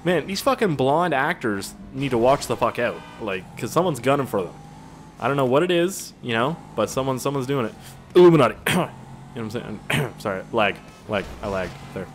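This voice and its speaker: A man's voice: medium pitch, expressive, moderate pace, a bit bright, faint music behind. A young man doing casual, profane gameplay commentary, rambling and joking as he plays. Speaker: gaming channel host.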